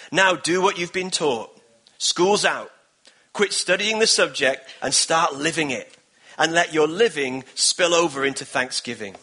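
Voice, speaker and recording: A male pastor delivering a sermon in a high, bright, ringing voice. He preaches emphatically, repeating key phrases and building to energetic bursts.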